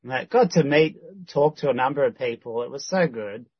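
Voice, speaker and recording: A man's voice: mid-range voice, a little fast, slightly rough, dry recording, lo-fi sound. A man talking casually through a rambling update that is full of restarts and quoted conversations. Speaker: church member giving a prayer update.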